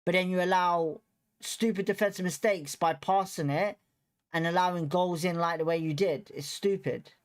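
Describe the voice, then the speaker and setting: A man's voice: high voice, steady tone, normal speed, clear, resonant tone. Angry swearing young man fan host. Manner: swearing, repetitive, frustrated, blunt. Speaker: football watchalong host. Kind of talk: heated post-match fan rant.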